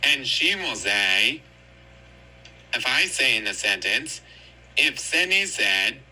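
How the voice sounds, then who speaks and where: A man's voice: mid-range voice, very animated, slow, pushed and bright, a little hiss or hum, poor audio. A man casually retelling a cartoon episode in a rambling, repetitive way. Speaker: storyteller.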